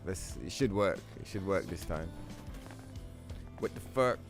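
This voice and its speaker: A man's voice: low voice, animated, measured pace, pauses often, over music. A man hosting a game livestream, telling rambling, profanity-filled stories and chatting casually with viewers. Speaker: livestream host. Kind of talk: casual gameplay stream chat.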